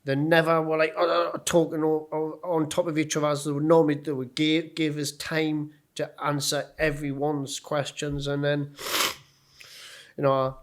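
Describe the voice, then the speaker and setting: A man's voice: on the high side, monotone, normal speed. A man with a Geordie accent, a podcast guest telling a personal story in a blunt, sweary way and acting out what people said. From North East England.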